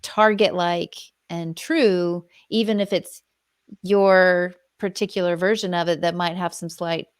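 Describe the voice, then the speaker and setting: A woman's voice: on the low side, steady tone, unhurried, smooth, dry recording, clean studio sound. A woman co-hosting a casual podcast, explaining ideas in a thoughtful, careful way. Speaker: co-host, dialect coach.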